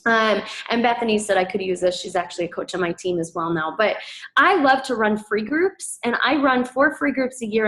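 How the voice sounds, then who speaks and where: A woman coaching her team in a casual presentation, chatty and upbeat with many fillers, jumping into a high excited voice when she quotes people. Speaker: team coach sharing recruiting tips.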